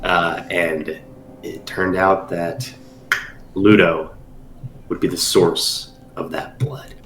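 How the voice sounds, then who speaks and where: A man running a tabletop game over a call, getting over a cold, relaxed and working out the rules aloud. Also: sits low, slow, echoey room, a little hiss or hum, rough recording. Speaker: game master.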